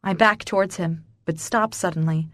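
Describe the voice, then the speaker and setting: A woman's voice: lowish voice, normal speed, a bit bright, no echo. Emotional woman narrating a romance audiobook. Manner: emotional, breathless, intimate.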